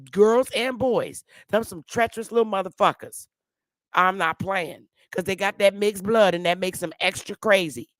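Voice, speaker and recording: A woman hosting a live stream with loud, blunt, brash commentary. Her voice is bright and forceful. The sound is dry and close, with no room around it. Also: medium pitch, dry recording. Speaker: livestream host.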